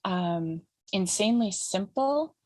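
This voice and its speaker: A woman giving a calm, instructive talk about healing trauma as a guest speaker, often repeating phrases for emphasis. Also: mid-range voice, takes it slowly, no echo. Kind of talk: teaching talk in an interview.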